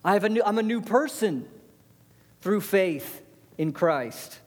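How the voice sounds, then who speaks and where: A man preaching a sermon, animated, asking the congregation rhetorical questions and answering them. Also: high voice, a little slow, big-room sound.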